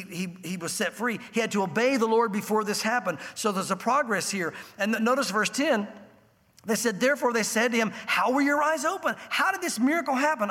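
A man preaching a sermon as pastor, telling the story with animated acted-out voices of the crowd. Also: sits high. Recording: long hall reverb.

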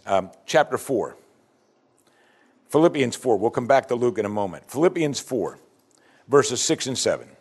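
A man preaching a sermon as pastor, teaching from scripture and acting out the prayers of his listeners. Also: mid-range voice. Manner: animated preaching, acts out prayers in quoted voices.

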